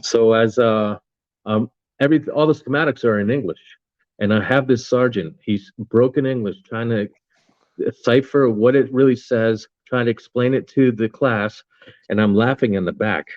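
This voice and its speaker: This is a casual storytelling interview with a fiftysomething veteran guesting on a podcast, who swears a lot, uses many fillers and doesn't mince words. He speaks at a moderate pace with a medium pitch and a darkish tone. The recording is dry, with the highs cut off.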